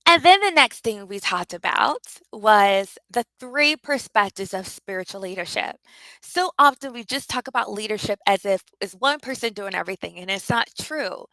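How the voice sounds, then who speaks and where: A woman's voice: mid-range voice, expressive, normal speed, sharp tone, no room sound, poor audio. A woman teaching spiritual leadership with emotional, preacherly emphasis and repetition. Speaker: leadership coach.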